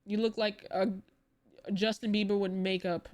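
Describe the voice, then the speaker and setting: A woman streamer reacting to a video in casual live-stream talk, animated and exclaiming, swearing often and firing off rhetorical questions. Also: medium pitch, normal speed.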